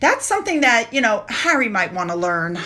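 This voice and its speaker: A woman's voice: a little high, big pitch swings, brisk, bright, forceful tone. A woman hosting a casual commentary vlog, chatty and sarcastic as she reads out quotes. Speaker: commentary channel host.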